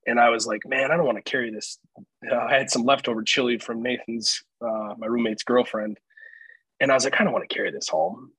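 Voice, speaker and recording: A young man tells a rambling story on a podcast, his voice bright and forward. He laughs easily as he goes. The sound is dry and close, with no room around it. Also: mid-range voice, steady tone, brisk, slightly rough, no room sound, poor audio. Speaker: podcast co-host. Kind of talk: casual storytelling chat.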